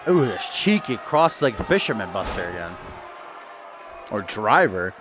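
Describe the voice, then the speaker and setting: A man streaming a wrestling video game, chatting casually and goofily, breaking into chants and tongue twisters. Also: lowish voice. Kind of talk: casual gameplay commentary. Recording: game crowd and noise behind. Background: video game arena crowd.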